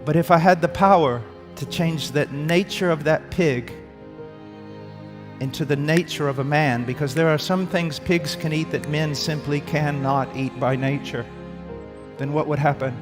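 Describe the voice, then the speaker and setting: A man preaching a sermon with dramatic swings from loud outbursts to hushed tones. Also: a little high, normal speed. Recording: long reverb in a hall, faint music.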